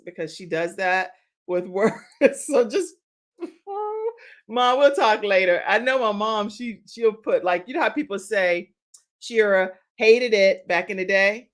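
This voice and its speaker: A woman's voice: medium pitch, normal speed. A woman in her forties hosting a live talk show, chatting and laughing as she reads out viewer comments.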